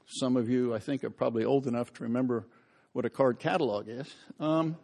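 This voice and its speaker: This time his medium-pitched voice carries vocal fry and moves fairly quickly. The historian keeps telling self-mocking anecdotes in his lecture, loudly acting out the voices he quotes.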